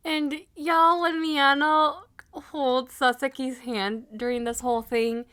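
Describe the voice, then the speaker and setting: Emotional fangirl woman rambling a review, kinda high pitched, super dry mic. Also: level tone, slow, fairly bright tone, no room sound. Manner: gushing, emotional, chatty with fillers. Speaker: anime reviewer. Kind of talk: casual video review.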